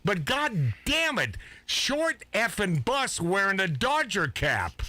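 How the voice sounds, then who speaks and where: A man's voice: high voice, huge pitch swings, takes it slowly, bright, forceful tone. A man hosting a casual radio talk show, rambling and emphatic, often repeating his words. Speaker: host.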